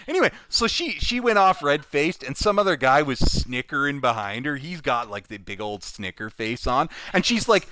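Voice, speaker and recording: Man, casual storytelling, very lively pitch swings, bright tense tone, dry close sound. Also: normal speed, few pauses, no echo. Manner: animated, swings loud and soft, acts out quoted people. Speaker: streamer telling a story.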